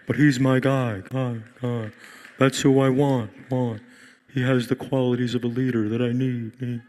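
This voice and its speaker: A man's voice: mid-range voice, level tone, unhurried, darkish tone, voice pushed down, natural voice. A man on a stage voicing a casual, offhand male God who repeats his words, in a stand-up comedy bit. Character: casual, shrugging male God picking leaders. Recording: echoey hall from a stage.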